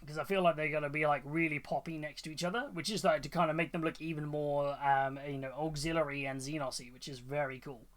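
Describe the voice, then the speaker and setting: Speaking quickly with hardly any pauses, this livestream host has a slightly high, a bit bright voice and fairly even intonation. He chats enthusiastically about viewers' painted miniatures, rambling along with plenty of fillers and restarts.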